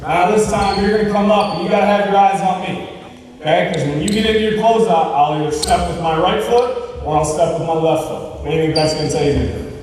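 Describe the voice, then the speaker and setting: A man coaching a basketball drill, calling out short commands and quick praise to his players. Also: sits high, a little mellow, slight background noise. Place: large gym. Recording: echoey gym from far off.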